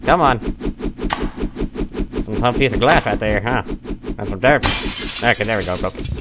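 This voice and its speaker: A man's voice: fairly low pitch, moderate pace. A man giving casual gameplay commentary, chatting, laughing and talking at the game. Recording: noisy compressed recording.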